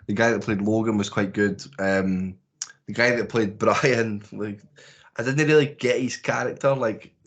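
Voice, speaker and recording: A man's voice: on the low side, fairly even intonation, a little slow. Rambling, sweary Scottish man. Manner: rambling and sweary, with frequent restarts. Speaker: podcast co-host. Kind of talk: casual movie review chat.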